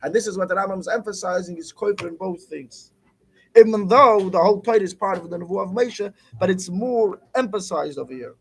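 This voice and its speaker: High-voiced man teaching a Torah class. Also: brisk, fairly bright tone, rough recording. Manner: explains text, asks and answers his own questions.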